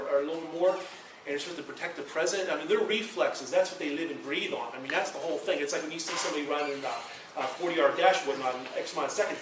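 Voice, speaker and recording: A man giving a university presentation, telling a rambling, animated story full of quoted dialogue. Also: fairly high pitch, noisy background. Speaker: lecturer. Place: university lecture hall. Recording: echoey room from far off.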